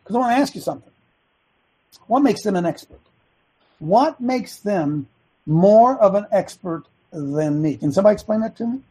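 A man with a husky, breathy voice holds forth on a talk show mic. He preaches his views in a string of quick rhetorical questions, often stumbling and restarting mid-sentence. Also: high voice, expressive, mellow, low-quality recording. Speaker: host and coach. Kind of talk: opinionated talk show monologue.

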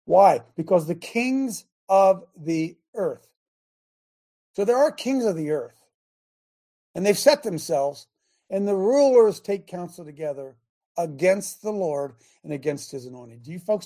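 A middle-aged male radio host preaching on scripture. He talks to his audience and producer in a casual, chatty way, then grows emphatic and loud as he drives each point home. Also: on the high side. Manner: emphatic, rising to near shouts when quoting scripture; chatty, speaks directly to listeners and producer. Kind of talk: sermon-style Bible teaching.

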